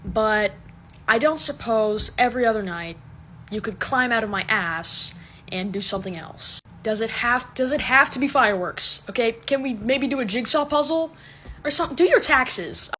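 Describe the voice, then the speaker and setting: A young woman doing a sarcastic, exasperated comic monologue to a phone camera, swinging from loud outbursts to mumbled asides. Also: a little high, animated, normal speed, a little hiss or hum. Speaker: comedy TikTok creator.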